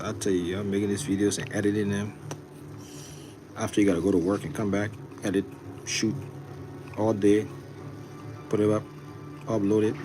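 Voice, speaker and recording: A man, a content creator talking earnestly and repetitively to viewers on a livestream. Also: lowish voice. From Liberia. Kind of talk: livestream chat.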